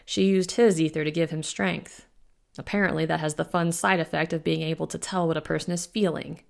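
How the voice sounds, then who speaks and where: A wry young male werewolf in an audiobook, voiced by a woman reader. He rumbles his lines, dry and grudging. The voice is low and gravelly. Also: steady tone, a little fast.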